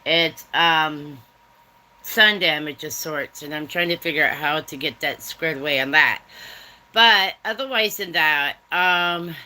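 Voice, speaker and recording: A woman's voice: low-pitched, measured pace, pushed and bright, poor audio. A woman hosting a casual livestream chat from home, talking straight to her viewers in a rambling, chatty way. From Germany. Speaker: livestream host.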